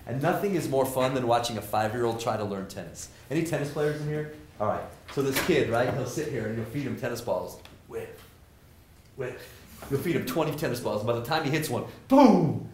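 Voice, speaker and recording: Animated male lecturer in a roomy hall. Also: mid-range voice, fast talker, few pauses. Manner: animated, joking, acts out quoted people. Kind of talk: energetic lecture to students. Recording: roomy hall sound, faint noise.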